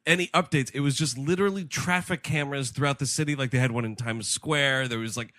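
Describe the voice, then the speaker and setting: Man, podcast co-host, bright voice, dry close mic, jokey and swearing. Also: medium pitch, quick pace, no room sound. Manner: swearing, jokey, bursts into loud put-on voices. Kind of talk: casual comedic chat.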